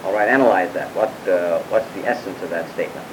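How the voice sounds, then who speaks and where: A man's voice: deep voice, fast, noisy background. A man teaching a Bible class, explaining passages and putting questions to his students, with frequent asides and hesitations.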